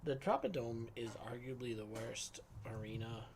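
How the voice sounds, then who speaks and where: A man's voice: medium pitch, expressive, moderate pace, a little hiss or hum. A man in his late thirties, co-hosting a sports podcast live stream, joking and riffing casually over beers. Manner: joking, banters and riffs. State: drinking beer while talking. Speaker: podcast co-host. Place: home live stream setup.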